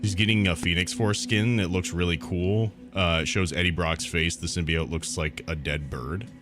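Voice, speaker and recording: A man's voice: sits low, fairly even intonation, moderate pace. A man streaming casual reactions to game trailers, swearing often and exclaiming in surprise. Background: game trailer audio and music.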